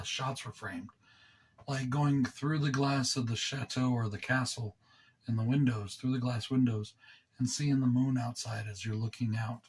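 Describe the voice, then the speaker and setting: A man hosting his own movie review channel, talking low and rambling casually with a sore throat. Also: husky. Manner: relaxed, rambling, enthusiastic with fillers.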